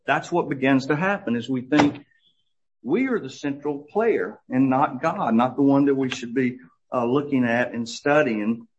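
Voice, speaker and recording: A man's voice: mid-range voice, unhurried. A middle-aged man giving a conversational Bible teaching as a church teacher, telling stories with many fillers and restarts. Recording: dull lo-fi recording.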